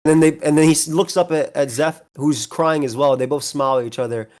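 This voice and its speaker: A man's voice: on the high side, fairly even intonation, fairly quick, darkish tone. A man on a podcast, retelling a scene in eager detail with lots of restarts. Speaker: podcast host. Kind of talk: casual chat.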